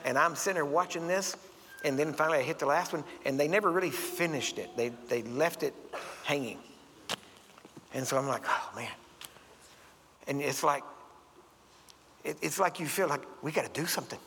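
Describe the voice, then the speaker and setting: A man's voice: fairly high pitch, normal speed, long pauses, bright, forceful tone, a little hiss or hum. A man preaching a sermon in a church, telling folksy stories and acting out the voices of the people in them. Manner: folksy storytelling, acts out voices. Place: church sanctuary. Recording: long hall reverb.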